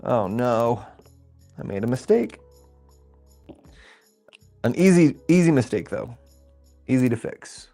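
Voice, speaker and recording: A young man hosting a casual livestream. He thinks aloud while building and reads viewer messages aloud in a relaxed, chatty way. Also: mid-range voice, slow pace, long pauses, soft background music. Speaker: livestream host building a LEGO set.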